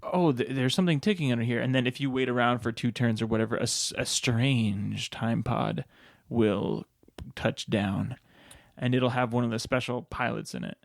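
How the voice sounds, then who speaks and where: A man's voice: medium pitch, fairly even intonation, normal speed, creaky, no echo. A man with a mid-range voice co-hosts a loose game podcast. He rambles through anecdotes with plenty of fillers and teases his partner. The sound is dry and close to the mic. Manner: teasing, rambling, many fillers. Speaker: podcast co-host. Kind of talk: casual game discussion.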